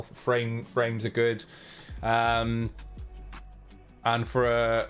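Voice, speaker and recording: A man's voice: on the low side, a bit bright. A young man hosting a live stream, chatting casually with viewers in a rambling way, now and then humming little sounds. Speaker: livestream host.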